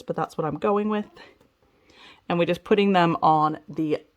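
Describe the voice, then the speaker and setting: A sewing instructor with a lowish voice walks through a casual craft tutorial step by step. She's chatty and relaxed, explaining as she works, checking in with viewers often and saying "okay" and "so" a lot.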